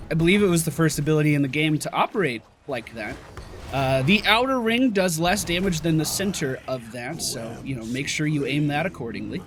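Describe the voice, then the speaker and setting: Bright-toned and high-voiced, this gameplay commentator chats casually through the abilities while he plays and reacts to what happens on screen. There is slight background noise.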